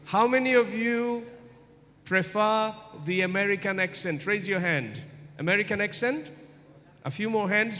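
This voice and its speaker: Man, guest lecturer, high voice, unhurried, quizzing the audience, reverberant hall. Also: sharp tone. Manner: interactive, keeps asking the audience questions; slow, deliberate delivery with repetitions. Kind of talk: informal university lecture to students. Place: large university hall.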